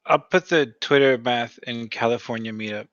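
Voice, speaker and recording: A man's voice: mid-range voice, moderate pace, a bit bright, no room sound. Man on a dull lo-fi mic. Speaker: chat participant. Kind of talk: casual group voice chat.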